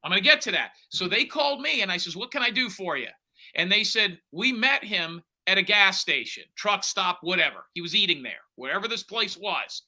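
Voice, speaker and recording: A man's voice: sits high, expressive, a little fast, bright, forceful tone. A man working as a private investigator, telling his story bluntly in an interview and acting out the dialogue he quotes.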